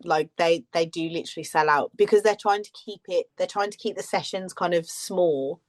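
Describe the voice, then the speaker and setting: A woman's voice: on the low side, fairly quick. A woman co-hosting a podcast in casual chat, rambling and laughing often. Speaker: podcast co-host.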